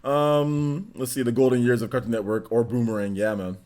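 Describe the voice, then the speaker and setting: A man hosting a casual livestream chat, telling animated stories and laughing often. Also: mid-range voice, fairly quick. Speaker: host. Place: indoors under studio lights. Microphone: on camera.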